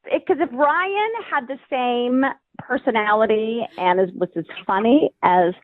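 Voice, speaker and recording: A woman calling in to a radio show, gushing and giggly in an excited rush. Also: fairly high pitch, a little slow, no echo. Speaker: caller. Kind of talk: excited phone call. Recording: tinny phone line.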